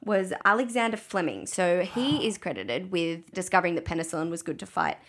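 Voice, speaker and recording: A woman's voice: lowish voice, animated, brisk, a bit bright, a little hiss or hum. A woman co-hosting a podcast, leading a segment and reading out a list with dry asides. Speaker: podcast co-host. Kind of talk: casual chat.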